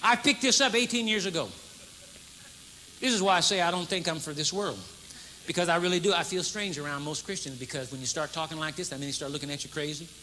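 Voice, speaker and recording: A man in his fifties preaching a sermon to a live congregation, emphatic and repetitive, moving between loud proclamation and low intense talk. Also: fast, a little hiss or hum. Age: 50s. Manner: emphatic, repeats key phrases for effect. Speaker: pastor. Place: large church service with congregation responding.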